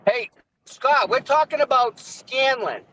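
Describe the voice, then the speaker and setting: Mass. dude cohost, high voice, slow drawl, bit of noise behind. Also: male voice, lively intonation, bright, forceful tone, poor audio. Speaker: co-host. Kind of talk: casual live-stream chat.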